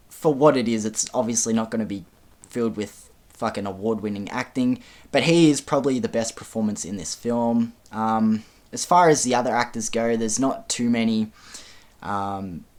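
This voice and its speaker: A man giving a casual film review, speaking frankly with frequent ums and casual swearing. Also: on the low side.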